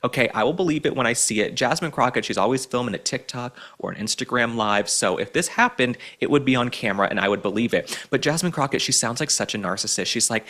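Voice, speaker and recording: A man's voice: medium pitch, expressive, a little fast, hardly any pauses, fairly bright tone. A man from Dallas runs his commentary monologue with a mid-range voice. His delivery is sarcastic and theatrical, packed with mocking asides. He sounds opinionated and showy throughout. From Dallas, Texas. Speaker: political commentary host.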